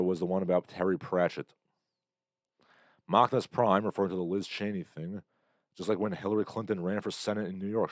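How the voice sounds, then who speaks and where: A man's voice: low voice, dry recording, clean studio sound. A man in his thirties hosting a casual livestream, talking bluntly in a rambling way with many fillers and reading out chat comments. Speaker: livestream host.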